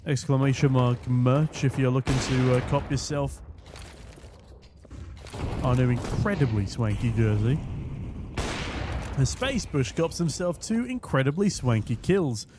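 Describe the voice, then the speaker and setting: A hoarse young man casting an esports match from a booth, with quick, joking play-by-play. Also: mid-range voice, expressive, noisy background. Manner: quick, jokey, punning play-by-play. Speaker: esports caster. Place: casting booth at a live event.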